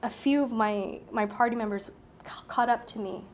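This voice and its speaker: A woman speaking at a public talk, telling a personal story in an animated way, acting out her own thoughts and laughing often. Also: fairly high pitch, moderate pace, a little hiss or hum.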